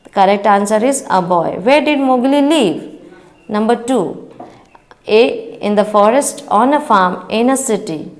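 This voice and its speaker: Woman teacher for a children's reading lesson, very slow and deliberate, pauses to explain words. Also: on the high side, animated. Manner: rereads lines and explains word meanings; chants sound words in a sing-song rhythm. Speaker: school teacher. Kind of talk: reading a story lesson aloud to young children.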